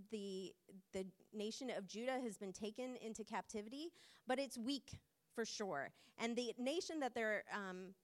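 A woman preaching a sermon in an earnest, measured way, with frequent pauses and fillers. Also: on the high side.

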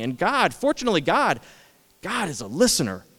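A man's voice: high-pitched, huge pitch swings, a little fast, a bit bright, breathy edge. A man preaching a sermon as pastor, conversational and self-deprecating, repeating words for emphasis. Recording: long hall reverb.

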